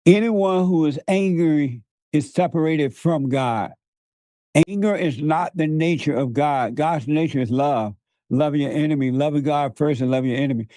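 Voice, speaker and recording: A man's voice: on the high side, a little slow, mellow, no room sound. A man preaching in conversation, emphatic, repeating words for stress and laughing often. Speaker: guest preacher.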